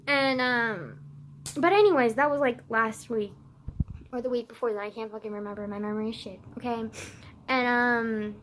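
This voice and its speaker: Teen girl ranting, high bright voice, says like a lot, swears, goes from mumbly to loud. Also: moderate pace, a little hiss or hum. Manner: swearing, frequent "like" fillers, swings from low mutters to loud outbursts. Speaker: vlogger. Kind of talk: casual storytime rant.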